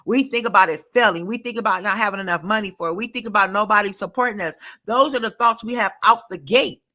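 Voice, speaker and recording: A woman's voice: medium pitch, quick pace, bright, forceful tone. A woman host on a faith-based podcast, preaching emphatically and repeating phrases for effect over a video call. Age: adult, a parent.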